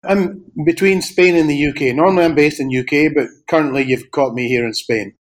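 A man's voice: on the high side, fairly quick. A man from Scotland, a company director guest giving brief, easygoing answers in a casual interview.

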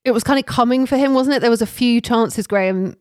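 A woman's voice: on the high side, fast talker, a little mellow, dry recording, clean studio sound. A woman hosting a podcast panel, chatting casually and putting questions to the others. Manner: chatty, asks questions with light laughs. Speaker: podcast host. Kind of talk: casual football chat.

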